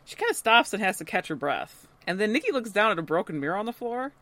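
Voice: mid-range voice, sing-song, quick pace, a bit bright. A podcast co-host in casual chat, steadily retelling a TV episode and quoting characters in passing.

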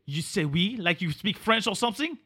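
A man's voice: high voice, animated, a little fast, sharp tone, slightly rough, heavily acted. A man voicing a gloomy, scornful French-Canadian nemesis in a comedic podcast bit, sneering and calling others fools.

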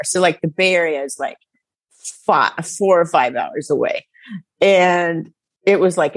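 Woman, low voice, rambling casual storyteller, lots of fillers, animated. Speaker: psychic guest. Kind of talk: casual chat.

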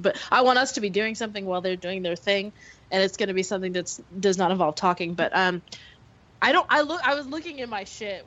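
A woman's voice: medium pitch, a bit bright, muffled recording. A young adult woman playing a tabletop game, chatty and rambling, swearing and restarting her sentences. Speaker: player.

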